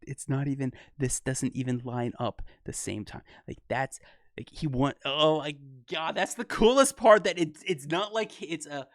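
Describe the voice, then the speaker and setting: Young man, excitable, analytical, self-correcting, mid-pitched voice, dry close mic, casual breakdown commentary. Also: unhurried, no echo. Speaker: music reaction channel host.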